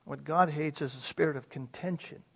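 A man's voice: on the high side, normal speed, gravelly, breathy edge. A man preaching a sermon with emphasis, posing rhetorical questions to his listeners. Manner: emphatic, uses rhetorical questions and acted quotes.

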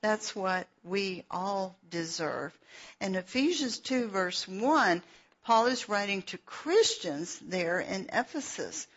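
Woman preacher, slow and earnest, husky voice, lo-fi dull recording. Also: mid-range voice, expressive. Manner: unhurried, explains verses with asides and fillers. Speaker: Bible teacher. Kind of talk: slow, earnest sermon with scripture reading.

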